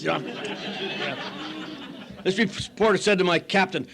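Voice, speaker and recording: Older man, AA speaker, slightly high voice, dry self-mocking storyteller who mimics the people he quotes. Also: animated, unhurried, creaky, pauses often, a bit bright. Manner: wry, self-mocking humor. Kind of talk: recovery talk storytelling.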